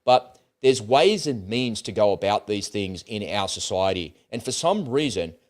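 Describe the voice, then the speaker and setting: Aussie bloke ranting on his political stream, kinda low voice, swears a lot, blunt as. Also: expressive, normal speed. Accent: Australian. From Australia. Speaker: political commentary livestream host. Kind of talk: casual political commentary.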